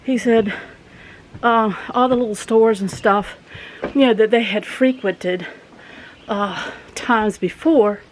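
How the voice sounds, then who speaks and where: A woman's voice: a little high, slow pace, long pauses, slight background noise, rough recording. Breathless woman vlogging outdoors. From southern United States. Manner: folksy, rambling, earnest. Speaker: vlogger host. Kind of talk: casual chat to viewers. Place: outdoors, walking from a garden.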